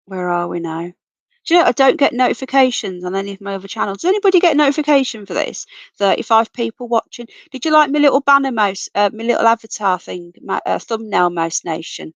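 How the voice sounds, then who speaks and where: A woman of medium pitch talks at a quick pace on a dry, lo-fi recording from an off-camera computer mic. Hosting a casual livestream, she reads viewer comments aloud and calls everyone darling and sweetheart while her voice fades from a cold.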